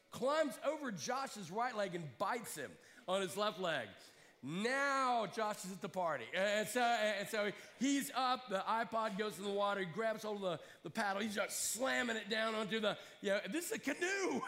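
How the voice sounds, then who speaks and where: A man's voice: sits high, bright, forceful tone, in a large hall. A man from Alabama, telling a rambling story in a sermon with many restarts.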